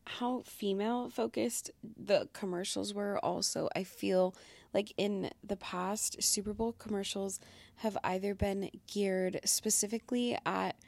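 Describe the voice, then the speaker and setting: A woman's voice: medium pitch, steady tone, measured pace, gravelly, darkish tone, no room sound. A young woman hosting a podcast, chatting casually with lots of fillers and gushing enthusiasm. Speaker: podcast host. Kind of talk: casual commentary.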